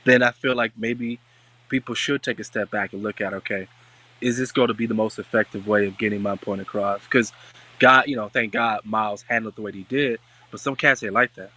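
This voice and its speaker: A man hosting a casual talk show, speaking in with an animated, joking delivery. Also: on the low side, a little fast. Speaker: podcast host. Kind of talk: casual chat.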